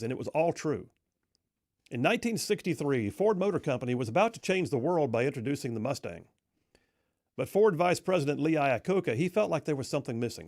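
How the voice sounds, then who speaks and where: A man's voice: medium pitch, gravelly, a little mellow, dry recording, clean studio sound. A male talk radio host telling a story in a folksy, emphatic way.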